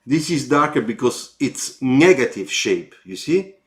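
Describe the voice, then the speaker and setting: A man with an Italian accent giving live feedback on car sketches, slow and halting, with encouraging asides. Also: mid-range voice, big pitch swings.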